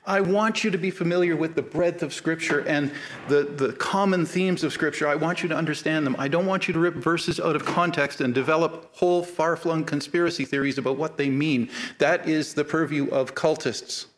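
A man's voice: fairly high pitch, steady tone, moderate pace. A man preaching a sermon to a live congregation, talking casually with humor and building to emphatic repeated phrases. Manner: conversational, building emphatic repetition.

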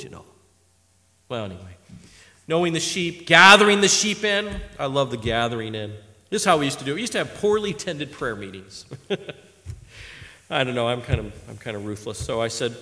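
A man preaching a sermon, telling stories animatedly, swinging between loud exhortation and quiet asides. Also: mid-range voice, expressive, moderate pace. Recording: reverberant hall.

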